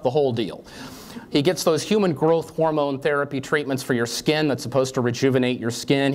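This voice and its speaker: A man in his forties giving a university lecture in a conversational storytelling style, often checking in with "okay?". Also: mid-range voice. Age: 40s. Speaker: guest lecturer.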